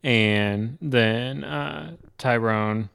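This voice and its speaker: A man's voice: medium pitch, very slow, vocal fry, a bit bright, smooth. A man chatting casually about a movie, laid-back, often answering with short agreeing replies.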